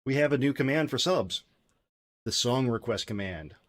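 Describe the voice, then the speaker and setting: A man streaming his game development live, thinking aloud as he works and chatting with his viewers in a relaxed, friendly way. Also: mid-range voice, normal speed. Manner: thinks aloud while coding, mutters to himself; friendly, thanks chat viewers directly. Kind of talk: casual live-stream chat.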